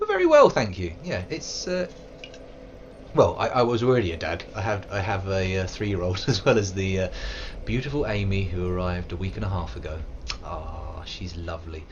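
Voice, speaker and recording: A British man streams a game live, his voice leaping around in pitch as he shifts from loud outbursts to self-mocking mutters. The recording sounds muffled, with a steady hiss behind him. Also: moderate pace. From United Kingdom. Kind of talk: live gameplay commentary.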